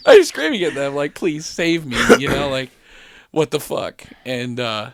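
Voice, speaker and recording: A man's voice: mid-range voice, huge pitch swings, normal speed, background noise. A man telling a long, rambling story on a podcast in a casual chat, swearing often and breaking into laughter. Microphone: podcast studio mic.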